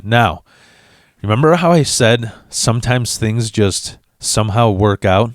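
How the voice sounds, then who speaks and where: Young male vlogger, mid-range pitch, dry close sound, profane animated storytelling with stammered restarts. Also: moderate pace, no room sound. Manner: profane and animated, acting out quotes. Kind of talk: storytime rant.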